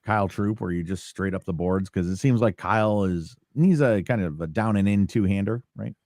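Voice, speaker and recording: A man's voice: on the low side, normal speed, a little mellow, no echo, clean studio sound. A man hosting a podcast who asks long, roundabout questions in a casual tone. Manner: asks long questions that circle before landing. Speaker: podcast host.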